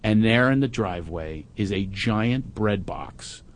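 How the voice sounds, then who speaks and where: A middle-aged man telling a family story in casual chat, acting out his teenage son with high shouted lines. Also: expressive, a little slow.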